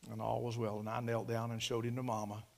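A man preaching a sermon in a folksy storytelling way, swinging from loud emphasis to hushed near-whispers. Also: mid-range voice, monotone, fast, creaky.

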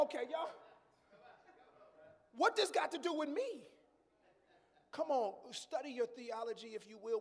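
A man preaching a sermon as pastor, building to shouts and talking straight to the congregation. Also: high voice, slightly rough, long reverb tail. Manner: preaching with rising shouts and call-and-response asides.

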